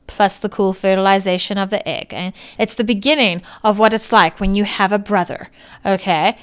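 A woman's voice: mid-range voice, a bit bright, clean tone. A woman co-hosting a podcast, chatting casually about films in a playful, teasing way. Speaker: podcast co-host. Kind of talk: casual movie chat.

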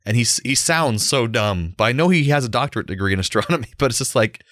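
A young adult man, co-hosting a casual podcast chat as an animated storyteller who laughs often. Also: medium pitch, quick pace, no echo, clean studio sound. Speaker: podcast co-host.

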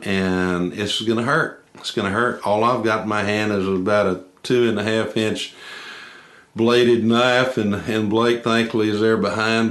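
A man with a low voice and a drawl recounts a hunting tale in a folksy, unhurried way. He repeats himself and restarts his sentences as he talks. The recording has a roomy echo around his voice. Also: a bit bright. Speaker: hunter telling a story. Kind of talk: casual spoken storytelling.

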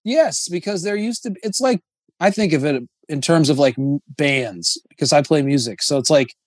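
A man talking as a comedian guest on a podcast, rambling and swearing, breaking into high sung bits. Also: lively intonation, moderate pace, dry recording, studio quality. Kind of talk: casual podcast chat.

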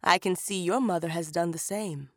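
A woman voicing an elderly market woman who speaks in a knowing, gently scolding way in a storybook reading. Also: on the low side, moderate pace, no echo, clean studio sound.

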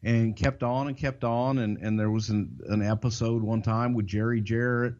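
A man with a Southern US accent, telling wrestling stories on a podcast in a drawn-out, emphatic, salty way. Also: fairly low pitch, fairly even intonation, a little mellow. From Southern United States. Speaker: podcast co-host and wrestling insider. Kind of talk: casual storytelling. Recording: dull lo-fi podcast audio.

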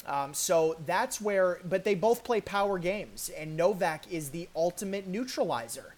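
A woman's voice: on the low side, animated, a little slow, a little mellow. A woman co-hosting a tennis podcast, chatting casually with lots of fillers and restarts. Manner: conversational, many fillers and restarts. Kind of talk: casual sports chat.

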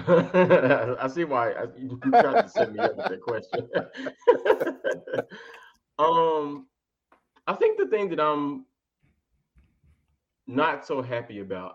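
A man of medium pitch talks about a game on a muffled, lo-fi line. He hesitates with fillers and thinks aloud as he answers. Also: sing-song, takes it slowly, long pauses. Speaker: podcast co-host. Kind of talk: casual sports chat. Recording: dull lo-fi audio.

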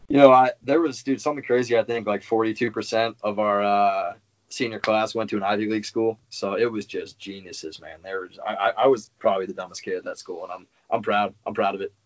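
A young man from Massachusetts, a pro baseball player, answering interview questions in a relaxed, casual way with some swearing. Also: fairly low pitch, muffled recording. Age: young adult. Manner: laid-back, swears freely, says "man" a lot.

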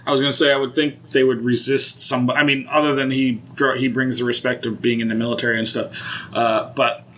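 A man interviewing in a casual, chatty way, laughing often and adding quick affirmations. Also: medium pitch, level tone, pushed and bright. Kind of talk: casual conversation.

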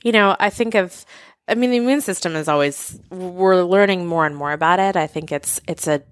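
A woman's voice: lowish voice, a little fast, no room sound, clean studio sound. A woman co-hosting a health podcast, explaining thoughtfully with everyday analogies. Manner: thoughtful, uses everyday analogies, some restarts. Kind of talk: explanatory casual chat.

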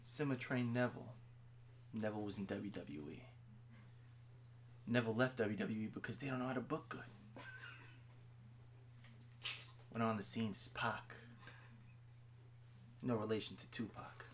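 A man's voice: on the low side, normal speed, pauses often, slight background noise. A man co-hosting a casual podcast, cracking dry jokes at his co-hosts. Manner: wisecracking, dry. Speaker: podcast co-host. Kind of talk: casual chat.

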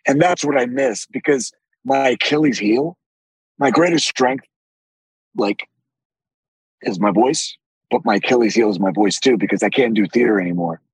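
A man with a deep, raspy voice, telling animated stories with frequent swearing as a podcast guest. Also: moderate pace, pauses often, dry recording, poor audio. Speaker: actor guest. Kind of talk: casual podcast interview.

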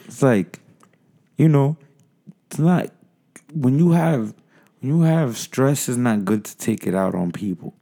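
A man's voice: medium pitch, lively intonation, measured pace, gravelly, pauses often, mellow. A man co-hosting a podcast, ranting in casual chat, rambling, profane and emphatic. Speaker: podcast co-host.

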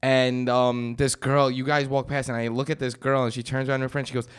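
A man's voice: medium pitch, little pitch movement, a little fast, smooth. Laid-back young male podcast guest. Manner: laid-back banter, swearing. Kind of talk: casual chat.

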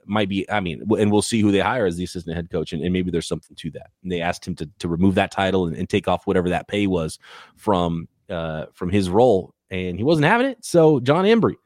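A man hosting a casual sports podcast, thinking out loud in long speculative runs full of restarts. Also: low voice, expressive, fast, no room sound, studio quality. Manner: rambling, speculative, many restarts. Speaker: podcast host.

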